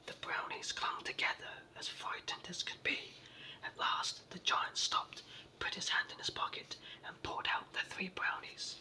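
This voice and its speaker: A storyteller with a sore throat and cold reading a children's story aloud in a soft, measured whispered role-play. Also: rough recording.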